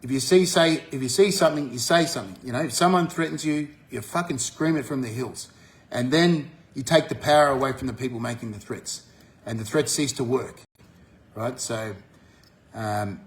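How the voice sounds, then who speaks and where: An Australian man talking bluntly to his viewers, swearing often and jumping up in pitch when he gets fired up. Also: brisk. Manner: forceful, swears freely, rises sharply when fired up. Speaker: vlogger. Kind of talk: blunt monologue to camera.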